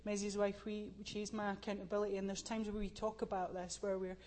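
A Scottish woman speaking on a church panel, earnest and halting with many restarts. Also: mid-range voice, little pitch movement, darkish tone.

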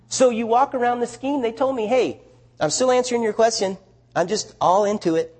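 A man's voice: very high voice, fairly quick, breathy edge. A man with a Southern US accent telling stories to an audience as a missionary speaker, chatty and full of restarts. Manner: animated, chatty storyteller with restarts. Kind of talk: storytelling talk to an audience.

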